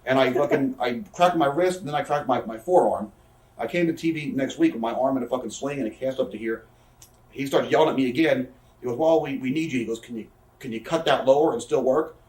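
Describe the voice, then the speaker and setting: Off-mic and recorded from a distance in a roomy, echoing space, a man in his thirties speaks with a medium-pitched, darkish voice. As a shoot-interview guest, he tells profane stories at speed, impersonating those he quotes.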